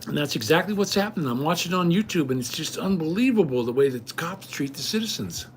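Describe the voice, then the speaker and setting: A man's voice: a little high, expressive, fast, slight background noise. Indignant rambling older man on a stream. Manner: rambling, indignant, talks straight to viewers. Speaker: livestream host. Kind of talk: casual rant to viewers.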